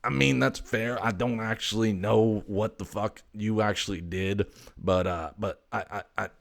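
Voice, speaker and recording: A man's voice: on the low side, steady tone, measured pace, gravelly. A man voicing a brash, foul-mouthed male house cat who swaggers, stammers and swears constantly. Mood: boastful. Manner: swaggering, profane, rambling with stammers.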